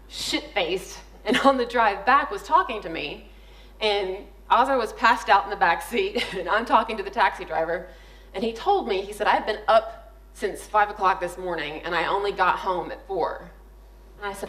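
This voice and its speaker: A woman's voice: mid-range voice, fairly bright tone. A woman speaker at a conference, telling funny, candid stories and acting out the voices she quotes. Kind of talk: storytelling talk on stage. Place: conference hall. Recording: echoey hall.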